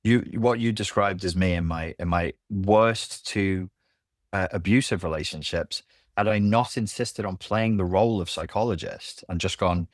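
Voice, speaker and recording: A man speaking as a podcast guest in a candid conversation, blunt and animated, who swears freely. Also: low voice, moderate pace, no room sound, clean studio sound. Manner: blunt and animated, swears, acts out quoted voices.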